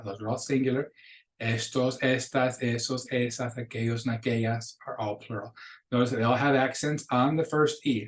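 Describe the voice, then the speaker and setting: A middle-aged man giving a recorded language lecture, explaining grammar in a casual, chatty way and often correcting himself mid-sentence. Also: medium pitch. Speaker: Spanish teacher.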